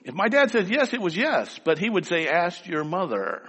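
A middle-aged male preacher delivering a sermon with personal stories, dramatic, swinging between slow emphatic phrases and quick storytelling. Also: high-pitched, very animated, fairly bright tone, slightly rough. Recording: reverberant hall.

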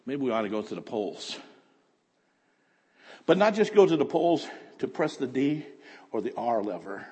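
A man preaching a fervent sermon that swings from quiet talk to shouting. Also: mid-range voice, sing-song, normal speed, breathy edge. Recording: echoey hall.

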